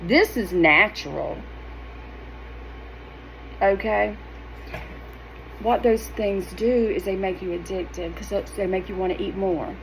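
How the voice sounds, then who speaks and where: A middle-aged woman, talking straight to her viewers in a sassy, animated, emphatic way. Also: medium pitch, slow pace, vocal fry, pauses often, slight background noise, poor audio. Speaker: wellness vlogger. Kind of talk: casual direct-to-camera talk.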